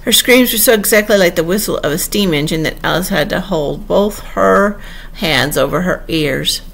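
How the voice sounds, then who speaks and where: Gravelly-voiced woman reading a storybook. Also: on the low side, normal speed, a bit bright. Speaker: audiobook reader. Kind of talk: storybook narration.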